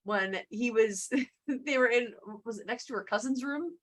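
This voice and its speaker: A woman co-hosting a podcast in casual chat, chatty and quick to laugh. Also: on the high side. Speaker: podcast co-host. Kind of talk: casual chat about a TV comedy.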